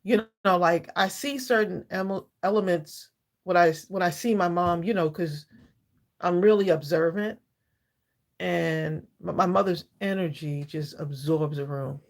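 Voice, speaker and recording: A woman's voice: fairly low pitch, a little slow, creaky. A woman in her sixties hosting a live craft stream, chatting heartfelt with viewers, greeting them by name and laughing often. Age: 60s. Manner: laughs often between thoughts. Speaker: livestream craft channel host.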